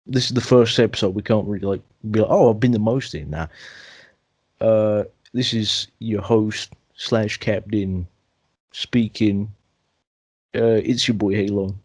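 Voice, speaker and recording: A man's voice: lowish voice, steady tone, unhurried, no echo. Young man hosting a casual podcast. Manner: laughing, swearing, playful. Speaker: podcast host. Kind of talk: casual chat.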